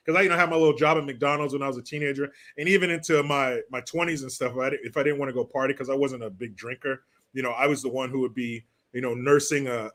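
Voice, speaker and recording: Man, host, casual commentary, joking, fairly high voice. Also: pushed and bright. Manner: joking, laughs between lines. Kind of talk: casual commentary reading viewer messages.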